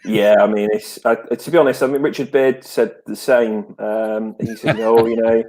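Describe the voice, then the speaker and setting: A man in his thirties co-hosting a live show, relaxed and self-mocking with lots of hesitant fillers. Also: lowish voice, moderate pace, a little hiss or hum. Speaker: co-host. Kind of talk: casual live show chat.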